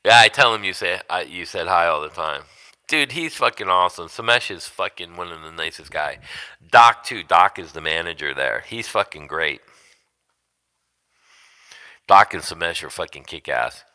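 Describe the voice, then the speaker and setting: A middle-aged man with a low voice and a bright, forceful tone rambles through stories on his home livestream. He swears constantly and his pitch swings widely as he talks. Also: expressive, normal speed. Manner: profane, rambling storyteller who laughs often. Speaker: livestream host. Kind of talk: casual livestream chat.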